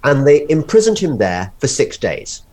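Rambling man interviewing, lively pitch. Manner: rambling, halting, self-interrupting. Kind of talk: casual conversational interview.

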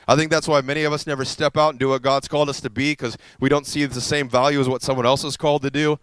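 A male pastor telling a story in a sermon, animated and self-deprecating, acting out what others said to him. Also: mid-range voice, quick pace, clean tone, dry recording.

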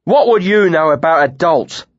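A surly, indignant mercenary who grumbles and argues at every turn, acted by a man reading the story. His voice comes out loud and lifted with lively swings in pitch. The recording is dry and a little dull. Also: moderate pace, no room sound, lightly acted. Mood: combative. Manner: grumbling, combative. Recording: dry, slightly muffled studio recording.

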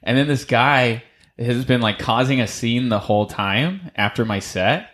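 Young male stand-up comic, casual animated storyteller, mid-range voice. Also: medium pitch, measured pace. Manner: animated, acts out other people's voices. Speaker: stand-up comedian guest.

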